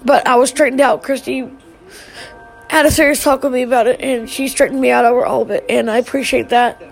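A middle-aged woman on a live stream giving an emotional personal message to her family. She talks in a halting, tearful way, with sighs and restarts. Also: high voice, fairly even intonation, vocal fry, poor audio.

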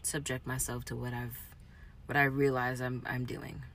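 A woman in a raw, emotional personal monologue, moving between quiet reflection and angry outbursts. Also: extremely low pitch, flat delivery, normal speed, slight background noise.

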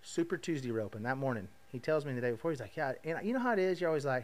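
Podcast host, male, 30s, casual and animated, plays the voices in his own stories. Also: mid-range voice, very fast, few pauses. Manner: animated, acts out quoted voices, laughs at himself. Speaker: podcast host, rodeo roper. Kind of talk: casual storytelling monologue.

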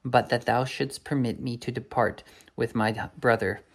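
A defiant young woman held captive, voiced by a male reader in a storybook. She speaks firmly in old-fashioned phrases, in a gravelly, creaky voice. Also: medium pitch, little pitch movement, normal speed. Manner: firm, archaic speech.

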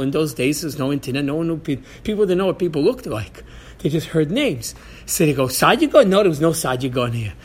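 Breathy man telling a religious story. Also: a little high. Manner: halting, repeats words, animated retelling. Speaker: Torah teacher.

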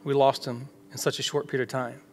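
Speaking fast with a flat delivery at medium pitch, a man preaches a conversational sermon as pastor, playing out everyday conversations in quoted voices. The setting is a church sanctuary; long hall reverb and faint music sit behind him.

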